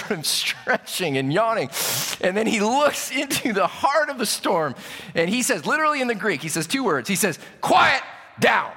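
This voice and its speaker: Male pastor, bright forceful tone, lively swooping pitch, long church reverb. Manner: animated storytelling with sudden shouts and hushed drops. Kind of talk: sermon. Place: church sanctuary. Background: long hall reverb.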